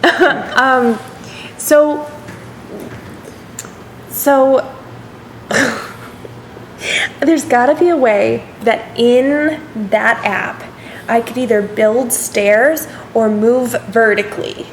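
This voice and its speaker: A woman's voice: a little high, extremely slow, pauses often, slight background noise. A woman streamer chatting casually while painting miniatures, rambling and slipping into playful accents.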